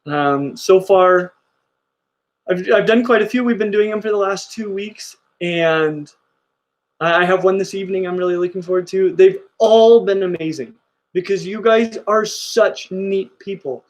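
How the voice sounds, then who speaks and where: A middle-aged man talks casually and eagerly as the host of a livestream. His voice sits a little high for a man, and he gushes with enthusiasm. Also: a little slow. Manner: enthusiastic, gushing. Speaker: reptile channel host.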